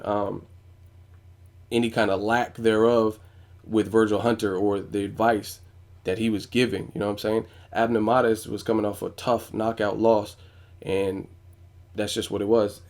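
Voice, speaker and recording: A boxing YouTuber with a lowish voice and darkish tone gives casual, blunt boxing commentary on his vlog. He swears plenty and keeps saying "you know what I'm saying."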